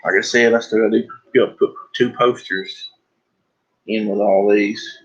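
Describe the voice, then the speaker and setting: A man's voice: on the low side, steady tone, normal speed, husky. Joking man hosting a lo-fi livestream. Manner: joking, rambling, breaks into laughter. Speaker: livestream host. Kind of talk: casual live-stream chat.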